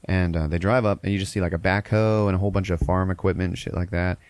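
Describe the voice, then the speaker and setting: A man's voice: sits low, steady tone, fast, a little mellow, no echo. A man hosting a podcast, casually retelling a movie plot in a rambling, profane way with lots of filler. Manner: rambling, profane, laughing storyteller. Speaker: podcast host.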